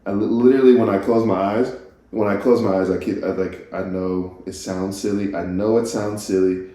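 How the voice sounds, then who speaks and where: Male podcast host, casual rambling musings, low and mellow, very echoey room. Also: steady tone, moderate pace. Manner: rambling, self-interrupting, laughs at himself.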